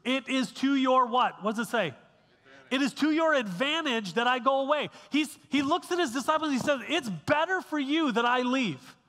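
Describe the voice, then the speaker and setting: A man with a high, bright voice preaches a sermon in a church sanctuary. He talks conversationally, stumbling over restarts and tossing in quick checks with the room. The sound carries a long reverb from the hall. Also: animated. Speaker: pastor.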